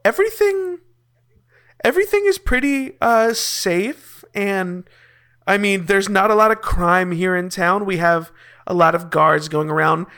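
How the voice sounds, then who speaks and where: A man's voice: sits high, unhurried, pushed and bright, exaggerated voice. A man voicing a chatty, boastful older president of a city in the sky in an improvised tabletop game, rambling and hesitant. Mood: friendly. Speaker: game master. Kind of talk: improvised tabletop role-play.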